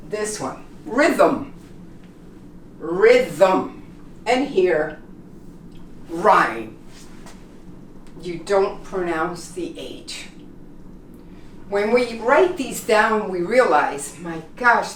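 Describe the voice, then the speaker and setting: A woman teaches pronunciation in a slow, unhurried way, repeating each example word with patience. She stands back from the microphone, and her voice echoes around the room. A faint hum runs underneath. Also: lowish voice. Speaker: English teacher. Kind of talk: classroom pronunciation lesson. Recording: echoey room, mic at a distance.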